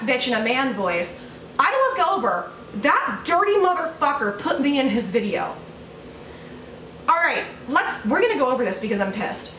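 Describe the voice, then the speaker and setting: A woman's voice: fairly high pitch, sharp tone, reverberant, recorded from a distance, a little hiss or hum. A woman YouTuber doing a sarcastic, mock-outraged vlog rant, full of swearing, recorded at home. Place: home room.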